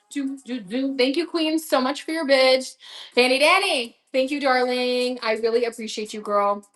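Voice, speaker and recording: A young woman chatting bubbly and slangy as she sells clothes on a live stream, often breaking into giggles. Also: on the high side. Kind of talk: casual live-sale chat.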